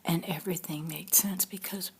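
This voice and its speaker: A middle-aged woman telling a family story in a soft, half-whispered voice that keeps breaking into laughter. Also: fairly low pitch, fairly even intonation, normal speed, slightly rough.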